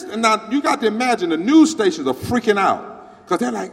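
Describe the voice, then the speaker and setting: A man's voice: sits high, brisk, gravelly. Man, pastor, emphatic storytelling, handheld mic, long hall reverb. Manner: animated, emphatic preaching cadence. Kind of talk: storytelling speech on stage.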